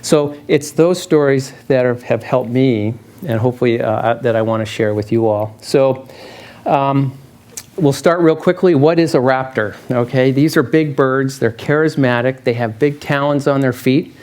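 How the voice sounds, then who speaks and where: A middle-aged man, a field biologist and falconer, giving a casual public lecture with stories, talking in a halting way with many restarts. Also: mid-range voice, darkish tone. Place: lecture hall with an audience.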